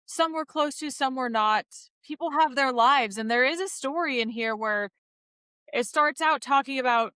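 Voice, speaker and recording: A woman author joins a podcast as a guest and speaks thoughtfully and reflectively. Her voice is high and bright, recorded close and dry. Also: normal speed, smooth, no room sound. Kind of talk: reflective interview talk.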